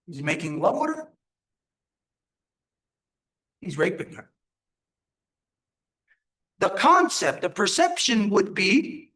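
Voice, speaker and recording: A man leads a live teaching session, his voice sitting high for a man and swinging widely in pitch. He talks emphatically and keeps putting questions to his listeners. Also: very animated, slow pace, long pauses, pushed and bright. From Turtle Island. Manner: emphatic, rhetorical, asks the audience questions. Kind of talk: live teaching talk to an audience.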